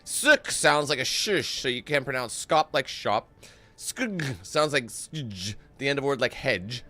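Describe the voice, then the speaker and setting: A man's voice: mid-range voice, animated, a little slow, bright, forceful tone, faint music behind. A young man giving casual, joking gameplay commentary, reading in-game texts aloud and breaking off into parody singing.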